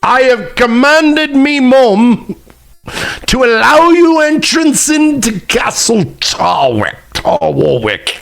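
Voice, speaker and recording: Man mimicking a pompous letter writer, high squeaky mock-regal tone, gravelly edge, overdone delivery. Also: sing-song, slow pace, exaggerated voice. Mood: mocking grandeur.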